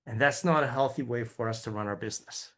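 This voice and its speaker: Talking fast in a medium-pitched voice, a man runs a chatty training talk for real estate agents. He constantly checks in with his listeners by asking "right?" and stumbles over and repeats words throughout.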